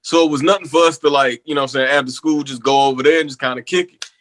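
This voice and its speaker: A man who is a guest on a podcast and tells stories in a relaxed, rambling way. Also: a little high, fast. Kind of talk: casual podcast chat.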